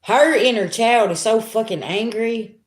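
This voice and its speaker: A woman's voice: fairly high pitch, measured pace. A woman giving a live spiritual reading as a psychic, talking in a blunt, emphatic, slangy way. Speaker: psychic reader. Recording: roomy echo.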